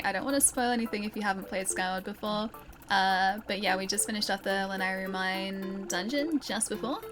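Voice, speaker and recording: A young adult woman with an Australian accent, chatting casually with her viewers while playing a game and laughing often. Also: mid-range voice. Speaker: streamer. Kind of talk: casual gameplay chat.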